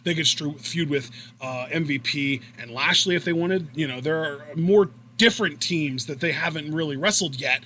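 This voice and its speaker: Young guy rambling on about wrestling, bright voice, a bit high, faint hiss behind. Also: moderate pace, hardly any pauses. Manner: chatty, rambling, laughs easily. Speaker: co-host. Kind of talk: casual wrestling commentary chat.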